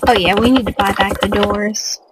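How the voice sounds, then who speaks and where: A woman's voice: mid-range voice, fairly even intonation, normal speed, heavy background noise. A young woman giving casual let's play commentary on a life simulation game, reacting with gasps and squeals. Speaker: gaming video creator.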